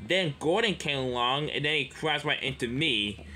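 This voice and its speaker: A man's voice: on the high side, expressive, moderate pace, bright, forceful tone. A man voicing a sensible male tank engine explaining himself hesitantly.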